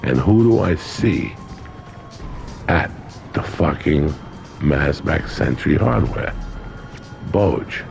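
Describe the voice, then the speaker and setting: A man's voice: a bass voice, lively intonation, slow, vocal fry, long pauses, darkish tone, faint music behind. A man in his sixties, a podcast guest telling a story in casual chat, blunt and profane.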